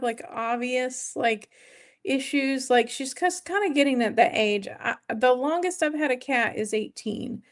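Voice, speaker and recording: A woman whose voice sits a little above average pitch runs a relaxed weight-loss livestream from home. Chatting and rambling, she welcomes viewers by name and thanks them as she goes.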